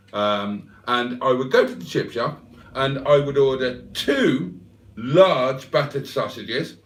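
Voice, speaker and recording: A man spins a slow, meandering comic monologue for his livestream, dry and mock-serious. His pitch swoops up and down a lot as he talks. He sounds a little distant from the mic in an echoey room. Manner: deadpan, digressive, mock-serious. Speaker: livestream host.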